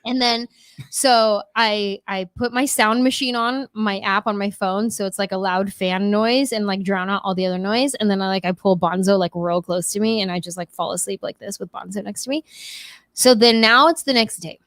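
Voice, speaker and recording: A woman's voice: medium pitch, fairly even intonation, normal speed, fairly bright tone, no echo. A woman hosting a podcast, telling a story in casual chat and acting out quotes in exaggerated voices. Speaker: podcast host.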